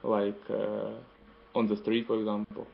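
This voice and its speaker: Hesitant man answering in a flat voice. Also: on the low side, measured pace, creaky, lo-fi sound. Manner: hesitant, many uhs, laughs easily. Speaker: student. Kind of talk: answering in class.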